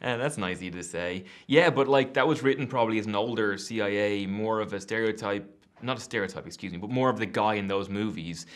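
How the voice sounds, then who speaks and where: A man in his thirties from Ireland, with an Irish accent and a fairly low pitch, chats casually while being interviewed as an actor. He's self-deprecating and laughs readily.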